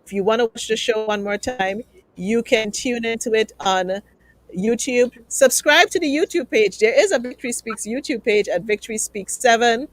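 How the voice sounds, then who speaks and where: A woman's voice: on the high side, moderate pace. A woman hosting a live talk show, earnest and emotional as she thanks guests and pleads with viewers.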